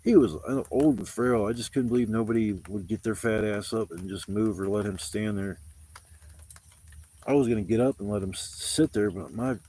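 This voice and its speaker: A man's voice: lowish voice, normal speed, dark tone, slight background noise. A man livestreaming from a campsite, telling rambling stories in laid-back, slangy talk full of swearing. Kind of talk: casual rambling storytelling. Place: outdoors at a campsite in the rain. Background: faint rain.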